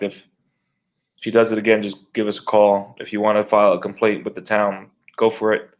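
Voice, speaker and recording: A middle-aged man co-hosting a podcast, telling a long neighbor story in casual, profane, animated talk and acting out his own reactions. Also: fairly low pitch. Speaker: podcast co-host.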